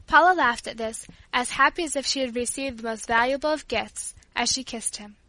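Bright-voiced woman reading an audiobook. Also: a little high, fairly quick, no room sound. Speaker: audiobook narrator.

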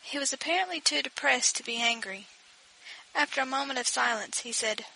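A woman reading a story aloud with a gentle, expressive delivery. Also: high voice, brisk, vocal fry, slight background noise, rough recording. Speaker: audiobook narrator. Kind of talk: scripted narration.

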